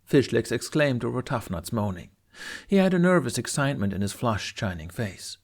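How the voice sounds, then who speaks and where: Male audiobook reader, animated and expressive, mid pitch. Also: normal speed. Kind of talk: storybook narration.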